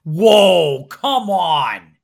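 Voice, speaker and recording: Male podcast host, lively swooping pitch, teasing and mock-outraged. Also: very slow, gravelly. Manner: playfully exasperated, teasing. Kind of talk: casual chat.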